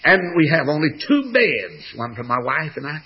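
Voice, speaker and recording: A man preaching a sermon, voicing a poor, cautious father who apologizes that he cannot harbor a tramp, with a raspy voice. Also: on the high side, sing-song, moderate pace, highs cut off, full character voice. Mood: apologetic.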